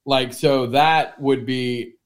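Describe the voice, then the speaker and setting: A man co-hosts a podcast in casual conversation, joking and rambling and saying "like" constantly. He speaks slowly in a mid-range voice with a steady tone.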